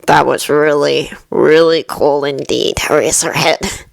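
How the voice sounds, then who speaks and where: Woman doing a gravelly sneering male villain. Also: deep voice, fairly even intonation, a little slow, no room sound, voice pushed down, heavily acted. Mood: mocking. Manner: sneering, taunting. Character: menacing male villain with hands, unhinged.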